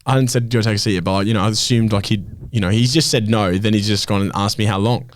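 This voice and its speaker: A man's voice: on the low side, steady tone, fast talker. A young man, a podcast co-host, ranting in casual chat and swearing a lot. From Australia.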